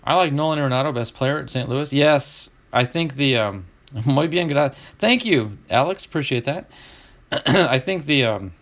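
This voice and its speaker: A middle-aged man hosting a casual stream, opening card packs and chatting with viewers, getting excited over each card. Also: mid-range voice, normal speed. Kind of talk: casual live-stream chat.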